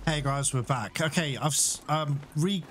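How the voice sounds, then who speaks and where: A man's voice: a little high, measured pace, fairly bright tone. A man giving chatty let's-play commentary, laughing often and bursting out in exasperation at the game. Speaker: gaming YouTuber. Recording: game music playing behind the voice.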